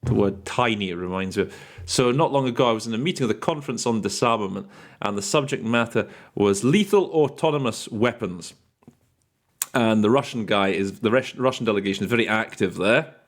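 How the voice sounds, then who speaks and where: A man's voice: on the low side, a little fast. A man coaching interpreters in a casual teaching talk, thinking aloud with fillers and restarts and telling chatty anecdotes.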